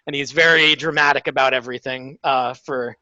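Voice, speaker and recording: A man's voice: mid-range voice, steady tone, a little fast, pushed and bright, dry recording. A man narrating a tabletop game as game master in a chatty, loose way. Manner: chatty, lots of ums and laughs. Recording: dull lo-fi sound.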